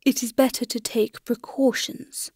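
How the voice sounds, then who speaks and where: A woman voicing a startled, stern gentleman in an audiobook, asking urgent questions. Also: a little high, flat delivery, a little slow, no room sound, studio quality. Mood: alarmed. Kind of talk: audiobook character reading.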